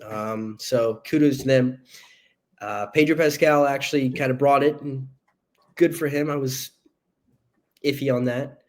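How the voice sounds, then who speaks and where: A man co-hosting a casual movie podcast, bantering playfully with boastful jokes and quick asides. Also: medium pitch, fairly even intonation. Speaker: podcast co-host.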